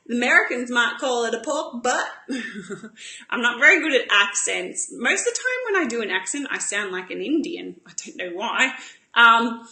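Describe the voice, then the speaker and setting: An enthusiastic woman chats her way through a live cooking demonstration. Her voice sits a little high and sounds bright and forceful. It rings with echo from the kitchen. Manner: bubbly, enthusiastic, chatty. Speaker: cooking show host.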